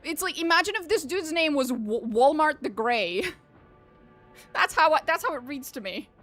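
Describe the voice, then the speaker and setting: Chatty, joking woman streamer, fairly high. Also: animated, moderate pace, a bit bright, faint music behind. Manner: chatty, joking, laughs often. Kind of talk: casual livestream commentary.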